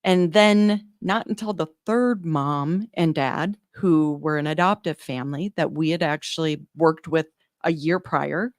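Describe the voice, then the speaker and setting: A woman working in newborn care, earnestly telling an animated story in an interview, acting out the dialogue. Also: deep voice, a little slow, no room sound, studio quality. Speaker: neonatal medical provider, guest.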